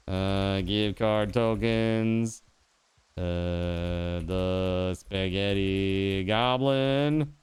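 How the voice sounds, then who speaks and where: A man streaming a video game live, chatting casually and jumping into excited high outbursts. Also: clean tone. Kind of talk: live gameplay commentary.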